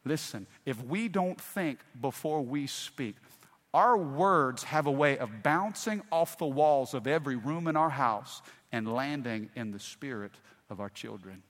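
A middle-aged man preaching a sermon, telling folksy stories and swinging from hushed to loud. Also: medium pitch, expressive, unhurried. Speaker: pastor. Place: large church hall. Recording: long hall reverb.

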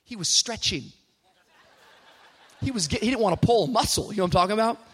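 A man's voice: sits high, lively intonation, fast talker, fairly bright tone, breathy edge, big-room sound. A young man preaching a sermon to a live church audience. He opens with comic stories and builds to fervent, half-sung preaching.

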